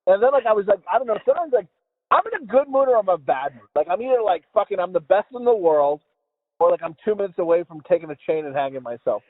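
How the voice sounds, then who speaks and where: A man's voice: high voice, lively intonation, fast talker, no room sound. A man hosting a podcast in crude, casual chat, rambling, swearing and laughing a lot. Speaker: podcast host. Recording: dry, tinny phone-like sound.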